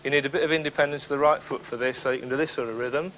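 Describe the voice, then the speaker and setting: A man teaching drums, explaining clearly step by step and counting out beats. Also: medium pitch, fairly even intonation, rapid-fire, heavy background noise. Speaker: drum instructor. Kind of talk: instructional demonstration.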